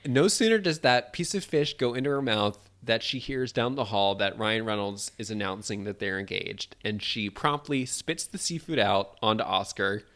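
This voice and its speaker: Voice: mid-range voice, normal speed, few pauses, a bit bright. A podcast co-host who recaps the plot in casual chat, laughing often and readily agreeing. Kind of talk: casual film discussion.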